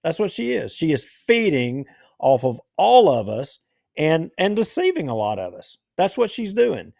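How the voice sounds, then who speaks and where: A man's voice: fairly high pitch, very animated, unhurried, creaky, darkish tone, no echo, studio quality. A man hosting a talk show, giving heated, indignant political commentary. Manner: ranting, indignant.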